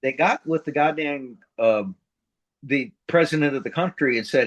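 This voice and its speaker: A man's voice: on the high side, moderate pace, a bit bright, low-quality recording. A middle-aged man from the central United States, a retired Marine sergeant major telling war stories in a casual interview, rambling, blunt and profane. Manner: rambling, profane, blunt, voices sound effects.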